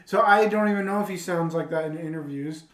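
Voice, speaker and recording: A woman co-hosting a podcast in casual chat, giggling often and breaking into loud impressions. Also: fairly low pitch, a little fast, distant mic. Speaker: podcast co-host. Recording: echoey room, off-mic.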